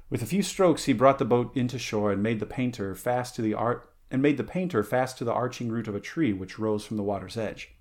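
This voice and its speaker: A man reading a story aloud in a steady manner, now and then correcting small slips. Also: medium pitch, brisk. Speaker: reader. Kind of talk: audiobook reading, amateur.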